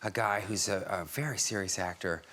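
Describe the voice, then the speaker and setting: A man's voice: deep voice, normal speed, pushed and bright. A man on a talk show telling a funny story, laughing often as he goes. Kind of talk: animated anecdote telling. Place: TV studio.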